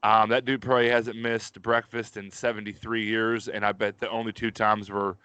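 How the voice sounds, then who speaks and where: A man's voice: fairly low pitch, little pitch movement, moderate pace, sharp tone, clean tone, no echo. A man from Pittsburgh, co-hosting a podcast and telling rambling, profanity-laced stories while calling everyone "dude". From Pittsburgh, USA. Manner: profane, rambling, uses 'dude' constantly. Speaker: podcast co-host. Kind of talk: casual storytelling chat.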